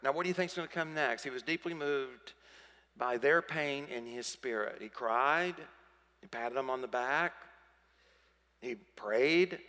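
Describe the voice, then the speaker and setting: A man's voice: medium pitch, a little slow, pushed and bright. A man preaching a sermon as pastor, emphatic and dramatic, acting out the voices of the people in his story. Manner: emphatic, acts out voices of biblical figures. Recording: preaching in a reverberant hall.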